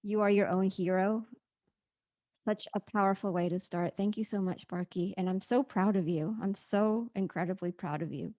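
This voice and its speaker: A woman's voice: mid-range voice, fairly even intonation, a little mellow, no room sound. Effusive woman host, dry sound. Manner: effusive, halting with restarts. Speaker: rally host. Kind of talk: casual online event hosting.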